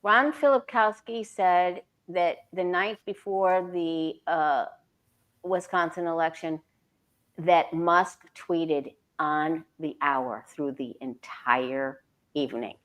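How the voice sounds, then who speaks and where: Woman co-host, lower voice, chatty and emphatic, livestream tarot chat. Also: steady tone, slow pace. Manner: chatty and emphatic, repeats phrases, gossipy asides. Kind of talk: casual live-stream chat.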